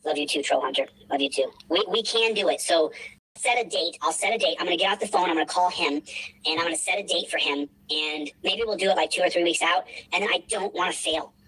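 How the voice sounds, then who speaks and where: A man's voice: a little high, fast talker, sharp tone, breathy edge, rough recording. A man livestreaming who rambles emotionally, repeats himself and pleads. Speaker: livestreamer asking for a fundraiser.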